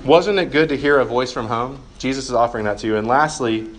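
A man's voice: medium pitch, fast talker, slight background noise. A man preaching to college students as a campus minister, earnest and conversational, speaking in a meeting room. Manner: earnest and conversational, drops to soft prayer.

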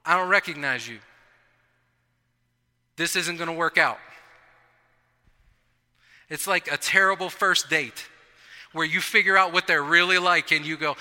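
A male pastor preaching a relaxed, joking sermon in a church. His voice sits high and very bright, with many restarts and asides. A long hall reverb trails every phrase. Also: a little slow, pauses often. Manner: conversational, humorous, repeats and restarts. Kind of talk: sermon with personal story.

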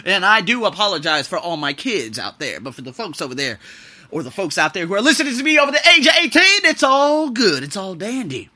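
A young man hosts his podcast solo in a loose, animated monologue. His voice sits high and sounds very bright and sharp. He cusses freely and swings from loud outbursts to low grumbles. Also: a little fast. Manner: animated, profane, swings between shouting and muttering. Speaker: podcast host.

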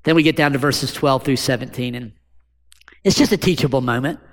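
A pastor with a mid-range voice talks a little fast as he preaches a sermon. He keeps it conversational, asking the congregation rhetorical questions, and the recording carries a long hall reverb.

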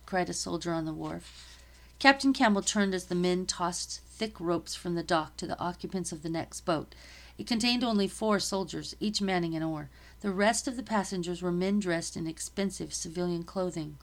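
Low, gravelly woman reading a novel. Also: moderate pace. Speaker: reader.

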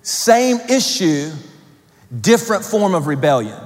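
A male pastor preaching a sermon, swinging between loud emphatic lines and hushed, low ones. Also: lively intonation, slow pace. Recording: long hall reverb.

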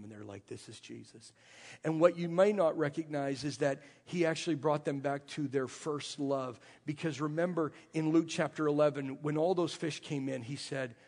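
A man's voice: medium pitch, darkish tone. A male pastor preaching a sermon, retelling a story with dramatic, acted-out quotes. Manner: dramatic storytelling, acting out the lines of the people in the story. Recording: long reverb of a large hall.

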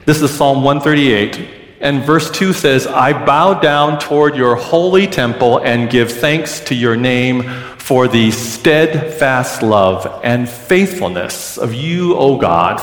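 A man's voice: mid-range voice, animated, takes it slowly. Male pastor preaching in an echoey church. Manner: earnest, teaches the congregation to repeat a word. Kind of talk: sermon. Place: large church sanctuary. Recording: roomy church with long reverb.

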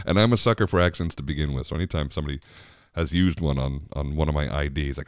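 A man with a very low voice talks his way through a loose, chatty podcast monologue. He rambles and laughs easily as he goes. The sound is dry and close, with no room echo. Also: fast talker, smooth. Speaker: podcast host. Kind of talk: casual monologue.

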